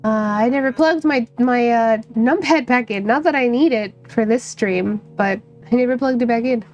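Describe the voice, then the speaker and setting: Chatty higher-voiced woman streamer. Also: moderate pace, muffled recording, soft background music. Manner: chatty, laughs often, reads narration softly. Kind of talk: casual chat and reading a visual novel aloud.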